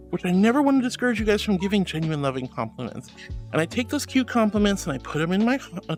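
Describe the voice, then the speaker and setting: A woman streaming casual chat as a sweet archangel persona, her pitch swinging widely as she plays up mock grandeur. She shifts into a gentle, comforting tone for her viewers, with faint music underneath. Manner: playful, dramatic, comforting toward chat. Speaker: VTuber streamer.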